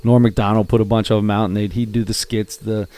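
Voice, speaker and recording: A man's voice: lowish voice, level tone, quick pace, warm tone, clear, resonant tone, no room sound. A man co-hosting a casual sports betting podcast, rambling and getting out of breath as he talks. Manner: rambling, gets out of breath while talking. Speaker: podcast co-host.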